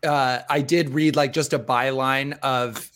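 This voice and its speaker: A man's voice: mid-range voice, steady tone, measured pace, fairly bright tone, clear, resonant tone. A young man co-hosting a casual podcast, chatty and joking. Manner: chatty, joking, lots of restarts and laughs. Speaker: podcast co-host. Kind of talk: casual chat.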